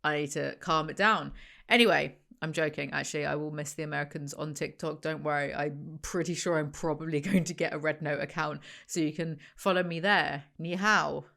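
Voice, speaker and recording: A woman's voice: low voice, fairly even intonation, vocal fry, fairly bright tone. Sarcastic woman ranting to camera. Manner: sarcastic, ranting, quick asides. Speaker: reaction video host. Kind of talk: casual chat to camera.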